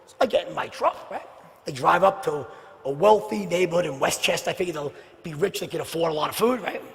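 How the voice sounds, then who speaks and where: A man's voice: high voice, creaky, husky, big-room sound. A man speaking as a motivational speaker, telling a story to a seminar audience and acting out the other people's lines. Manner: animated storyteller acting out quoted voices.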